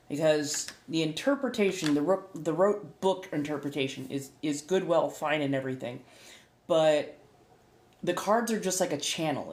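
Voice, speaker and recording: Low-voiced chatty woman, echoey room. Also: darkish tone. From United States. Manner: rambling, laughs often, self-correcting. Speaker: streamer and tarot reader. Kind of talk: casual chat to live viewers.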